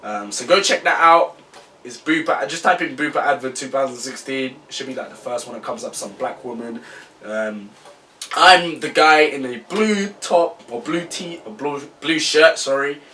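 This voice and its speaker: A young man chats through a casual vlog Q&A. He sounds laid-back and rambling, with plenty of slang and laughs. His voice is bright and lively, caught on a mic set a bit away, with faint ambience behind him. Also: medium pitch, unhurried, far from the mic, a little hiss or hum. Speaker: vlogger.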